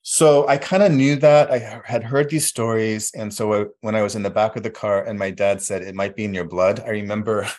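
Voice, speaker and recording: A man telling his life story reflectively, halting often with fillers. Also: on the low side, steady tone, a little mellow. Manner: reflective, halting with fillers, acts out quoted voices. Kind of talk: personal storytelling.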